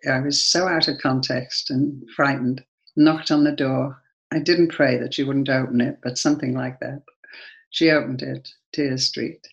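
A woman's voice: rumbling low, gravelly, poor audio. A woman with an English accent, a guest sharing a personal story earnestly and then leading a prayer. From England.

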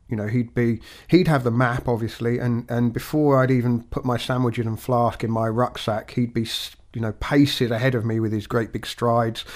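A man co-hosting a podcast, talking in a measured, reflective way with frequent restarts. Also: mid-range voice, a little mellow. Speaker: podcast co-host.

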